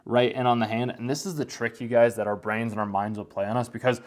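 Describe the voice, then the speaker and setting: A man's voice: medium pitch, steady tone, quick pace. A young man giving casual anime commentary, rambling along with lots of "like" fillers.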